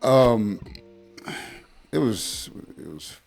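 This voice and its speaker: A man's voice: mid-range voice, sing-song, very slow, gravelly, darkish tone, soft background music. A man in his thirties speaking as a parent in a casual conversation, blunt and emphatic with many fillers. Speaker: guest parent.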